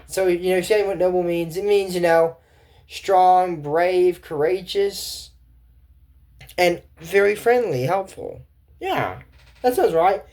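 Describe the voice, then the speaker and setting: A man's voice: high voice, takes it slowly, a little mellow. A man casually recapping a cartoon episode for his channel. He rambles, trails off into asides and fillers, and keeps reacting in disbelief to what he describes. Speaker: cartoon reviewer.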